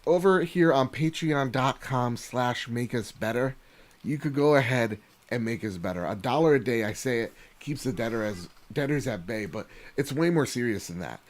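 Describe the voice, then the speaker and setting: A man hosting a casual podcast over a video call, excitable and swearing as he rattles off thank-yous. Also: mid-range voice, normal speed. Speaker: podcast host.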